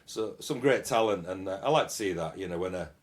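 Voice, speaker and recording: A man's voice: low voice, animated, a little fast. A man, a guest musician, chatting casually in an interview, rambling with many fillers and restarts.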